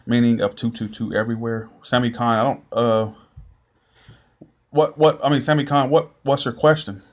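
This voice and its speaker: A man's voice: mid-range voice, steady tone, moderate pace. A man rambling through viewers' comments in a casual live chat, laughing often and restarting his sentences. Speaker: tarot reader answering viewer comments.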